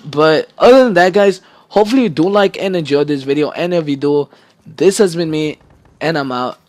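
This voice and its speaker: A man's voice: on the high side, normal speed, darkish tone, slight background noise. A teenage boy vlogger telling a story to camera in a casual, rambling way, swearing often and laughing at himself.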